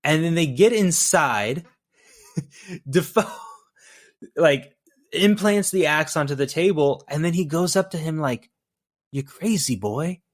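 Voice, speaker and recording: A man's voice: a little high, unhurried, pauses often, dry recording. Laughing man in dry podcast chat. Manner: animated, laughing while quoting scenes. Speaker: podcast co-host. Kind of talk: casual film-review chat.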